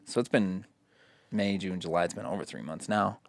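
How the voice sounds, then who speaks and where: A man hosting a casual podcast, telling stories in an animated way and swearing freely. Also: low voice, normal speed, gravelly, no echo, clean studio sound. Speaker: podcast host.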